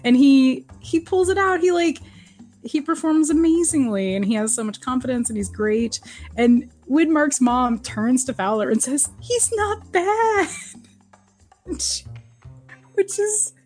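A woman casually recapping a TV episode as a podcast co-host, animated and laughing often, jumping up in pitch when she quotes characters. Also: moderate pace, soft background music. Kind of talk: casual chat.

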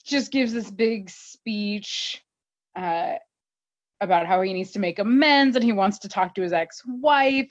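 A woman retells a story in a loose, chatty podcast manner, full of fillers and quick laughs. Her voice sits at an ordinary middle pitch. The sound is dry and a little dull, with no room echo. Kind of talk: casual episode recap. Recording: dull, slightly muffled dry audio.

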